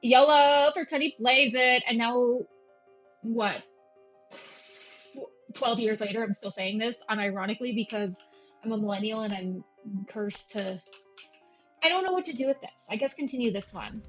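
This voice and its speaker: A woman's voice: mid-range voice, normal speed, pauses often, poor audio. A woman in her thirties with a Valley Girl voice, rambling and self-deprecating in casual gameplay commentary. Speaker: gameplay streamer. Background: faint game music.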